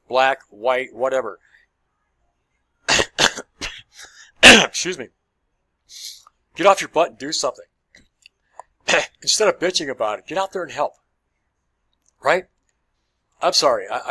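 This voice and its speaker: A man's voice: mid-range voice, fairly bright tone, dry recording. Earnest man ranting to camera. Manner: earnest, pleading, repeats words and apologizes. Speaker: vlogger. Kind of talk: impassioned ranting monologue to camera.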